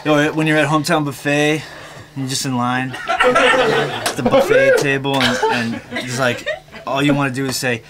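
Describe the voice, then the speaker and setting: Male stand-up comedian, halting deadpan, restarts, lively swinging pitch, loud background noise. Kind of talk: live stand-up set. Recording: loud noisy live recording.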